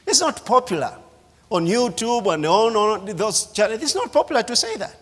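A man preaching a sermon as pastor, slow and emphatic, repeating key phrases. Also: sits high, big pitch swings, a bit bright, husky. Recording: reverberant hall.

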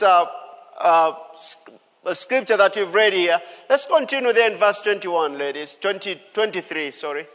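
A man's voice: high-pitched, fairly bright tone, big-room sound. A man preaching a sermon as pastor, emphatic, repeating key phrases and calling out to the congregation. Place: church hall.

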